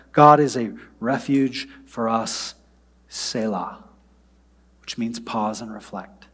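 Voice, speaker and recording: A man preaching a sermon, moving between loud, emphatic passages and soft, near-whispered prayer. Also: mid-range voice, slow pace, husky. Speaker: pastor.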